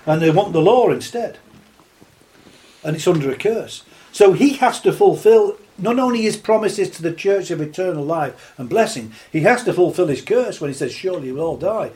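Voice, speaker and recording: A man delivers a sermon in a fairly high voice. He reads scripture in a slow, measured way, then presses his point with fervent, rising questions. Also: expressive, darkish tone. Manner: reads scripture slowly, then rises to impassioned exhortation. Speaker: preacher. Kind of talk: sermon, Bible teaching.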